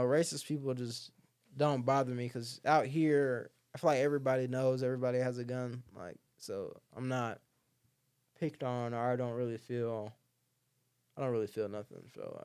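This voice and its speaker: A man's voice: medium pitch, moderate pace, clear, resonant tone. A young man from Alabama, a podcast guest chatting casually and acting out the people in his stories. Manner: animated storyteller who acts out the people he quotes, heavy use of "like" and "bro". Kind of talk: casual conversation.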